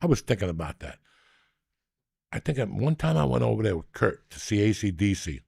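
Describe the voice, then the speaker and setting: A man's voice: on the low side, sing-song, a little fast, vocal fry, darkish tone, husky, no room sound, clean studio sound. A man in his sixties hosting a podcast, telling rambling, profane stories and teasing his co-host. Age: 60s. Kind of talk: casual chat and storytelling.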